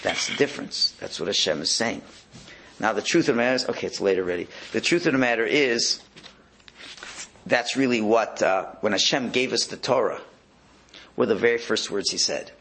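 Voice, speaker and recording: A man's voice: lowish voice, moderate pace, a little hiss or hum. A man teaching a religious lecture to an audience, acting out voices and dropping to a whisper. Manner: animated, acts out voices, drops to a whisper. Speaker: rabbi giving a talk.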